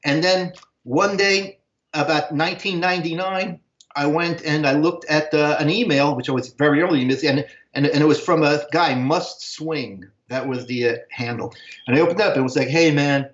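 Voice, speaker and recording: A man, casually telling animated stories, and he sometimes acts out voices in a high, excited tone. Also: moderate pace. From Brooklyn, New York. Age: 60s. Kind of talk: casual storytelling. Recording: echoey, dull video call audio.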